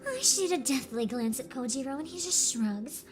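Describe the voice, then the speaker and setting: A young woman streaming a game, chatting casually with giggles and quick asides. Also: high-pitched, animated, music in the background. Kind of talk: casual let's-play commentary.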